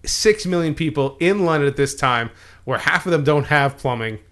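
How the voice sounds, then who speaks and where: A man's voice: a little high, normal speed. A man co-hosting a casual podcast chat, setting the scene as he tells a story and laughing now and then. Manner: relaxed, storytelling, frequent laughs. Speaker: podcast co-host.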